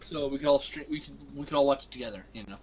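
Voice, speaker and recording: A man's voice: mid-range voice, very fast, dull audio, noisy background. A man co-hosting a casual chat stream, blunt and profane. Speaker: co-host.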